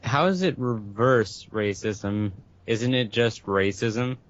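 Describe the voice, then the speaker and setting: Male co-host, fairly low voice, questions everything, dull podcast audio. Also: slow. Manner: argumentative, questioning. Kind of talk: casual chat.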